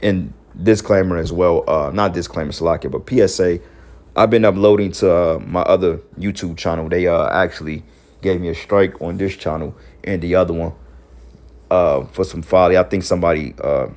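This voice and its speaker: A man's voice: low-pitched, fairly even intonation, brisk. A man giving fiery, profane preaching commentary, scolding his listeners and quoting scripture. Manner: profane, scolding, rising to shouts. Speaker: online street preacher.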